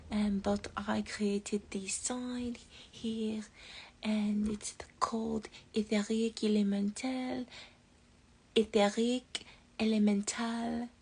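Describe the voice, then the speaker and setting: Slow, gravelly-voiced woman chatting live. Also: medium pitch, a little hiss or hum. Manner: rambling, thinking aloud, soft whispered asides. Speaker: tarot reader and jewelry maker. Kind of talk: casual live-stream chat.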